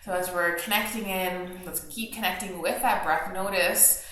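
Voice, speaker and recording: A woman guiding a gentle yoga class from her home studio, calm and soothing, with chatty asides. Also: on the low side, normal speed. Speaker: yoga teacher. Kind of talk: guided yoga class instruction. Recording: very echoey home room with faint household noise. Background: household noise, TV news and dishwasher.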